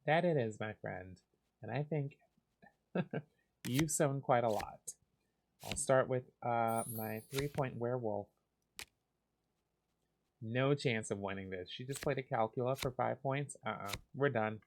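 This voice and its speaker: Soft, slow-talking man playing a cozy game. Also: mid-range voice, vocal fry, a little hiss or hum. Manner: soft, relaxed and unhurried. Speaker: gaming channel host. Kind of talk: calm sleep gameplay commentary.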